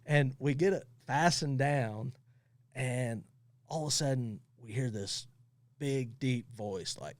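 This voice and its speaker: A man who owns a towing company, guesting on a podcast and telling funny stories in a casual, animated way, often laughing as he talks. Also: mid-range voice, takes it slowly, dry recording. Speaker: tow truck company owner, podcast guest. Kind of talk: casual storytelling.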